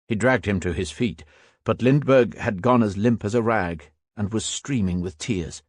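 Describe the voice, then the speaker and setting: A man narrating a first-person war memoir audiobook in a steady, grave manner. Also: fairly low pitch, moderate pace, dry recording, clean studio sound.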